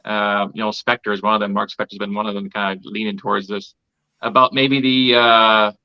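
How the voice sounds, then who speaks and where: A man's voice: on the low side, little pitch movement, brisk, clear, resonant tone, muffled recording. A man co-hosting a casual sports podcast, a chatty and opinionated fan. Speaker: podcast co-host.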